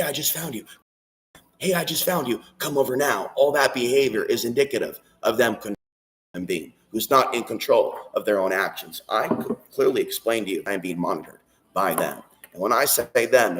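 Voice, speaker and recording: Intense ranting low-voiced man. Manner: intense, ranting, swears freely. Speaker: channel host. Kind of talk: rambling spiritual monologue and prayer. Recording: echoey.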